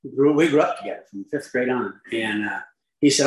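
A man's voice: medium pitch, brisk, echoey room, low-quality recording. An older man tells a recovery story to a live audience with wry, self-mocking humor. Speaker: recovery speaker.

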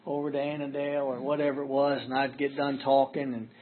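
A man's voice: mid-range voice, flat delivery, fast talker. A middle-aged man speaking at a recovery meeting, telling his own story in an earnest, self-deprecating way. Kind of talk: personal storytelling talk. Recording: tinny phone-like audio.

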